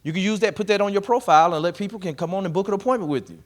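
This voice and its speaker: In a live real estate investing workshop, a man talks very fast in a high-pitched voice. He keeps things energetic and conversational while coaching the audience head-on.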